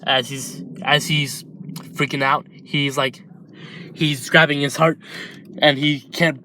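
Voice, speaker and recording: A man narrating an improvised fan story, halting and restarting often as he goes. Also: a little high, level tone, pushed and bright, slight background noise.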